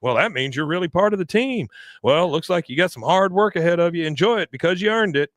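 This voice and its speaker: A man voicing a football-loving middle-aged Texan dad, eager, brisk and oblivious to his son. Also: a little high, animated, no room sound, close to an everyday voice.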